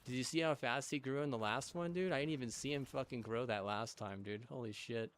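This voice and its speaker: A man's voice: mid-range voice, a little fast. A man streaming, in a rambling rant full of swearing, restarts and filler words.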